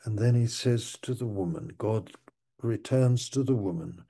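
A male preacher delivers a sermon in a very dark, husky voice. He speaks slowly, stumbling and repeating words as he works his way toward each point. A gravelly fry runs under his lower phrases. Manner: halting, repeats words while searching for them.

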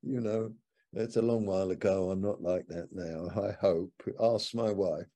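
A man's voice: sits low, fairly even intonation, measured pace, warm tone. An older man giving an informal, conversational sermon from the upstairs lounge of a home, reading scripture aloud as he reflects. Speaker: preacher.

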